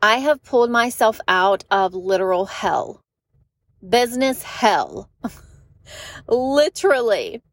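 A woman's voice: on the high side, sing-song, slow pace, long pauses, dry recording, clean studio sound. A young woman giving a chatty, emphatic motivational talk about business, often laughing and acting out quoted voices. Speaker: online business coach.

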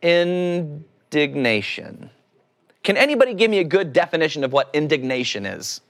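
Lively joking male preacher. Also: fairly high pitch, fast talker. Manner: animated, joking, asks the audience questions; acts out quoted voices. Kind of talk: casual sermon to a group.

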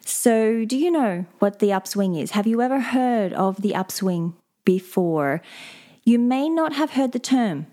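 A woman hosting a solo advice podcast, explaining speaking skills in a clear, measured and instructive way. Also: a little high, animated, mellow. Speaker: podcast host and voice coach.

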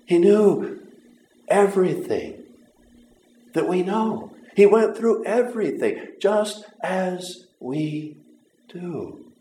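A man preaching a sermon in a slow, deliberate way, often stumbling over his words and stopping to pause. His voice sits a little high for a man. It rings out in a roomy, echoing space. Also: big pitch swings, warm tone. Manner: earnest, halting, with repeated words and long pauses. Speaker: pastor. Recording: roomy echo.

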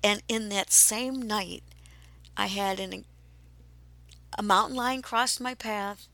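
A woman podcast host telling a personal story in a slow, hushed way, often dropping into a whisper. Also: mid-range voice, steady tone.

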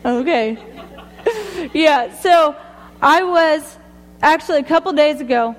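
A woman's voice: sits high, slow, long reverb tail. A woman sharing a personal faith testimony, rambling and chatty, often laughing at herself. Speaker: speaker giving a testimony.

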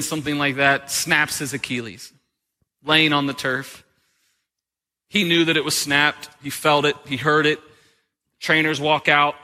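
A man's voice: a little high, sharp tone, long reverb tail. A man pastor giving a sermon in a conversational, joking way, with rhetorical questions to his listeners.

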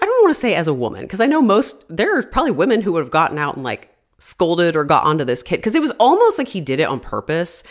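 A woman in her thirties hosting a podcast, telling a story casually, peppered with "like" fillers and swearing. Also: fairly low pitch. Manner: chatty, constant "like" fillers, frequent swearing. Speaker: podcast host.

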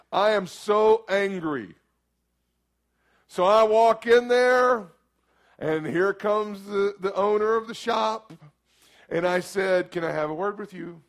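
A middle-aged man, preaching a storytelling sermon that swings from hushed asides to sudden shouts. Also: fairly high pitch. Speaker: pastor.

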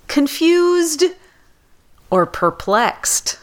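A woman's voice: sits high, big pitch swings, very slow. A woman co-hosting a podcast, presenting a word of the day with dry humour in casual chat. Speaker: podcast co-host.

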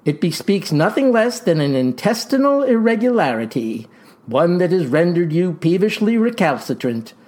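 Man putting on a stern farm dad, pompous, high-flown, lecturing, lively pitch. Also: moderate pace.

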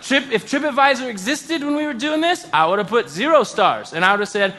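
Male comic storyteller, high bright voice, animated and self-mocking. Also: brisk, few pauses. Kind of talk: comedic personal storytelling.

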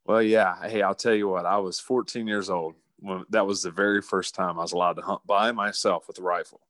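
A man from West Virginia, telling a hunting story in an animated, folksy way with frequent laughs. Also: deep voice, a little fast, no room sound. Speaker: guest. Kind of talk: casual storytelling.

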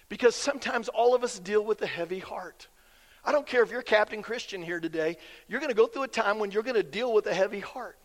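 A man's voice: extremely high pitch, fairly bright tone. A man preaching a sermon as pastor, folksy and emphatic, repeating key lines for effect. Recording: long reverb of a big hall.

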